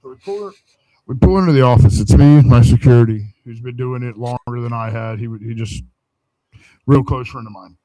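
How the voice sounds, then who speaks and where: Man, podcast co-host, rowdy crude storyteller, acts out every line, middle pitch, dry close sound. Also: brisk, no echo, low-quality recording. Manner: profane, animated storyteller acting out quoted dialogue. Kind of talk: casual storytelling chat.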